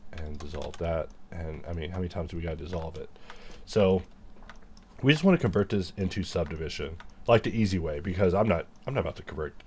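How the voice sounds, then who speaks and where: A man's voice: low-pitched, a little hiss or hum. A man casually talking through his 3D modeling work, rambling and cracking self-mocking jokes as he goes. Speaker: 3D modeler teaching his workflow. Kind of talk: casual commentary while modeling on screen.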